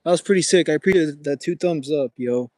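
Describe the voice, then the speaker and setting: Walking with a gimbal, this young livestream host chats casually with his viewers and says "bro" a lot. He speaks a little fast in a warm, somewhat high voice. The sound is dry and studio quality.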